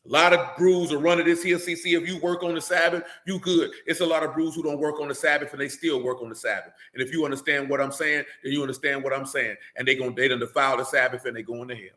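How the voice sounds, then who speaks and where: A man preaching a fiery, blunt sermon, scolding his listeners with rhetorical questions and rising to shouts. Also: fairly high pitch, steady tone, fast, few pauses, reverberant. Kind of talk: fiery street-style sermon.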